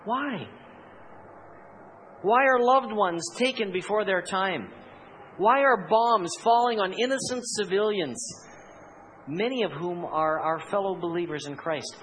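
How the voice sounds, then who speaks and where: Preaching man with a high voice. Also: unhurried, pauses often, a bit bright, a little hiss or hum, low-quality recording. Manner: preaching with rhetorical questions and dramatic voiced asides. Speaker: pastor. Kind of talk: sermon.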